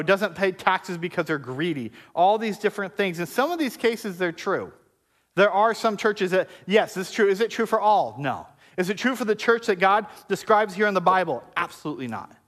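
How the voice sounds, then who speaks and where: High-voiced joking male preacher. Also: fairly bright tone. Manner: conversational, joking preacher with asides. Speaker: pastor. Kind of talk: sermon. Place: church service before a congregation.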